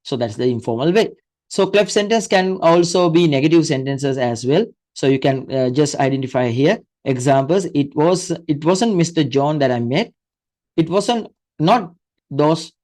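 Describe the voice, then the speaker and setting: A man's voice: on the high side, unhurried, a little mellow, rough recording. A man teaching an English grammar lesson, explaining step by step with frequent fillers, restarts and repeated examples.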